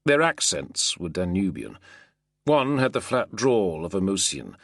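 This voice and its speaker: A man reading a novel aloud as an audiobook narrator, in a measured, expressive way. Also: low voice, gravelly, no echo, studio quality. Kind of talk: scripted narration.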